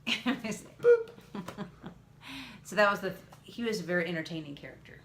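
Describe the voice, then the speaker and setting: A woman's voice: medium pitch, huge pitch swings, a little slow, a little hiss or hum. A woman co-hosting a casual podcast chat, talking in a rambling way and often correcting herself. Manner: chatty, rambling, self-correcting. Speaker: podcast co-host.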